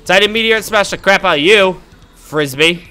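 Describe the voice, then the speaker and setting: Man, gaming commentary, goofy and excitable, fairly high pitch, faint game music behind. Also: normal speed, clear, resonant tone. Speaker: gaming YouTuber. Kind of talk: casual let's-play commentary.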